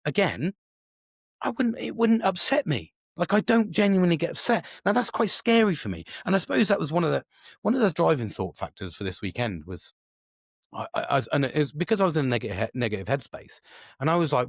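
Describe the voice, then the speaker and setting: A man's voice: fairly high pitch, no echo, clean studio sound. A man, a podcast host talking alone in a casual, rambling way with lots of swearing and restarts. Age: 40s. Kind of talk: casual solo monologue.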